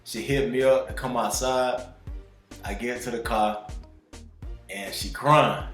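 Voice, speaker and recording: A man's voice: medium pitch, steady tone, takes it slowly, fairly bright tone. A man in his twenties telling a personal story to viewers in laid-back, slangy talk. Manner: laid-back slang, calls listeners bro. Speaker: vlogger. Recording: roomy echo with faint music.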